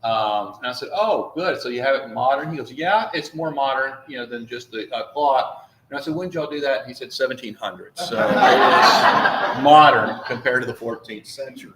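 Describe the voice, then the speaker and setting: A man's voice: medium pitch, moderate pace, sharp tone. A man, a priest, telling a church group a rambling, chatty travel story with lots of fillers. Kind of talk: informal talk to a congregation with slides. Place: church hall. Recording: echoey room, faint ambience.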